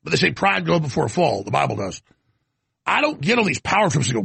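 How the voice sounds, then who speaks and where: A man's voice: a little high, very animated, fast talker, vocal fry, fairly bright tone, slightly rough, dry recording. A man hosting a show and giving an off-the-cuff commentary monologue, rambling with stammered restarts and coughing now and then. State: coughing, throat irritated. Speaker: show host.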